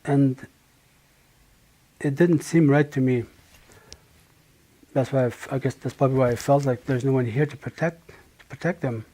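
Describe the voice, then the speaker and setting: A middle-aged man from Manitoba giving a personal testimony, speaking slowly and haltingly with many pauses and restarts. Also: mid-range voice, steady tone, warm tone. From Manitoba, Canada. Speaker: speaker sharing his life story.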